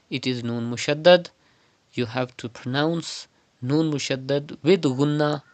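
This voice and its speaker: A man teaching Quran recitation online, explaining pronunciation rules step by step and repeating words slowly as examples. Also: medium pitch, gravelly. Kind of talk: online tajweed lesson.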